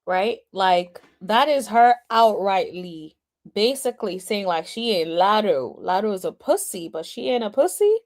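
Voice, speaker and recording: Slow-talking woman hosting a reaction commentary. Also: medium pitch, expressive, a little mellow. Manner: chatty, exasperated asides, talks to viewers and chat. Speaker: host. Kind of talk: casual commentary reacting to a clip.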